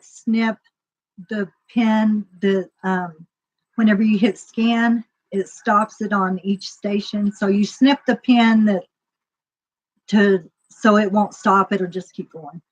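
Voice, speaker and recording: A woman's voice: mid-range voice, steady tone, slow pace, lo-fi sound. A woman casually telling a personal story, rambling, with lots of fillers and acted-out dialogue.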